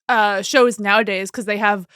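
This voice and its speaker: A woman's voice: mid-range voice, steady tone, normal speed, a bit bright, clear, resonant tone, dry recording, studio quality. A woman comedian guesting on a podcast, chatting in a laid-back, wry way with easy laughs. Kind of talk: casual chat.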